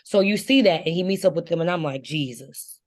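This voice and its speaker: Guest: woman, lowish voice, animated, laughs easily, casual book chat. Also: fast.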